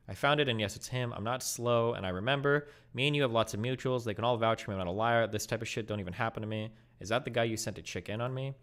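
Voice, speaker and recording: A man casually reading text messages aloud and reacting with quick, offhand asides. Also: medium pitch, a bit bright.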